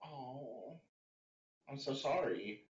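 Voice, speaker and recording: A man's voice: mid-range voice, expressive, very slow. A man hosting a casual online podcast interview, joking and breaking into laughter. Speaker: podcast host. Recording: dull lo-fi audio in an echoey room.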